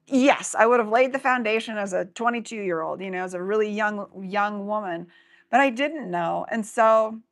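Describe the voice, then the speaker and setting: A woman's voice: mid-range voice, normal speed. A middle-aged woman, a life coach, talking earnestly and reflectively as a guest in a casual interview.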